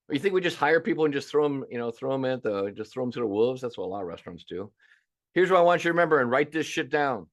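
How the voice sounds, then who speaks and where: Emphatic, energetic male restaurant coach. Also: mid-range voice, rapid-fire. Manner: energetic, emphatic, acts out owners' voices; casual and blunt, swears now and then. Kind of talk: coaching webinar presentation.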